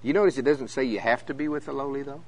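A middle-aged man preaches a sermon to a congregation in a fast, mid-range voice. He tells stories with animation, acting out the voices of the people in them and laughing often.

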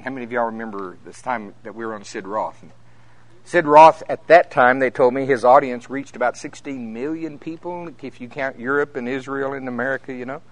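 A middle-aged man preaching a sermon to a congregation, telling stories and acting out the voices of the people in them. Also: medium pitch. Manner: animated storytelling, acting out voices, laughing often.

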